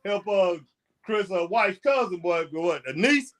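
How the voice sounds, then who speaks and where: A man talks wrestling with a buddy in easy, excitable banter. His voice sits high and swings widely, and he laughs often. He keeps peppering his lines with "boy" and "man.". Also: measured pace. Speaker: co-host. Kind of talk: casual chat reacting to a live wrestling show.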